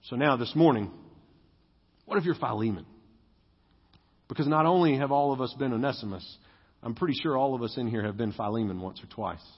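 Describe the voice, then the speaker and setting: A man's voice: medium pitch, a little fast, long pauses, husky. A man preaching a sermon as a pastor, conversational and joking, often acting out quoted speech. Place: church sanctuary. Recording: dull lo-fi sound with long hall reverb.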